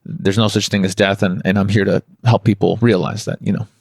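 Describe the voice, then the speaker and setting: A man from Toronto, a guest on a podcast, rattles off a personal spiritual story at a quick clip. His talk rambles but stays candid. The sound is dry and close, with no room around it. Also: fairly low pitch, level tone, gravelly, darkish tone, no room sound. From Toronto, Canada. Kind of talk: conversational storytelling.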